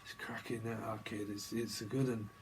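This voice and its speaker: A man's voice: fairly low pitch, level tone, normal speed, slight background noise, voice pushed down, lightly acted. A man doing an impression of a brash male rock star, drawling in a laddish, mumbled way. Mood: boastful.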